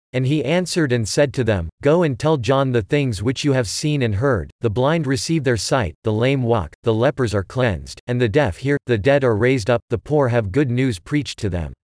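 A man giving a steady, measured scripted reading of scripture. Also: medium pitch, dry recording, clean studio sound. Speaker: scripture reader.

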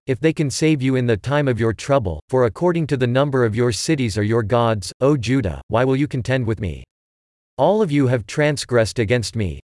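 Male scripture reader, mid-pitched, measured delivery, dry close mic. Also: a little mellow, no room sound. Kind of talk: scripted Bible reading.

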